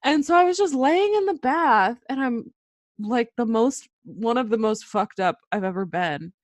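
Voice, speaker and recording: A woman's voice: a little high, lively intonation, moderate pace, no room sound. A young woman co-hosting a podcast, telling profane stories with lots of laughter in casual chat. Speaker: podcast co-host.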